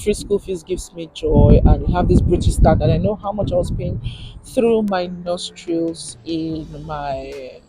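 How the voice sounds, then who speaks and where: A woman's voice: deep voice, a little slow. A woman in her thirties from Nigeria with a Nigerian accent, chatting animatedly in a vlog and slipping into pidgin. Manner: animated, mixes in pidgin, laughs often. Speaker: vlogger. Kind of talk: casual chat.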